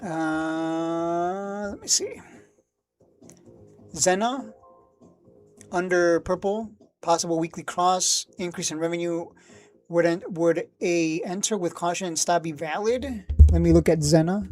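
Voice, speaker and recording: Dude doing a stock livestream, blunt and jokey, mellow dark-ish voice, keeps trailing off. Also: male voice, high-pitched, slow, long pauses, soft background music. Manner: blunt, joking, laughs often, trails off and restarts. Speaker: stock market livestream host. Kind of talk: casual livestream chat answering viewers.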